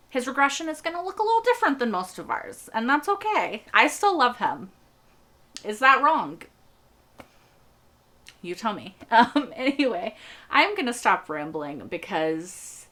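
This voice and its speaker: Bright-voiced woman chatting earnestly. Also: medium pitch. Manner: rambling and earnest, laughs often. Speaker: reaction video host. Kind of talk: casual reaction chat.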